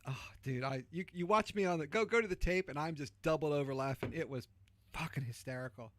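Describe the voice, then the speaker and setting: A man's voice: a little high, a little fast. Rambling, chatty male show host. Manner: rambling, self-interrupting, laughs easily, swears. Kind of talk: casual chat.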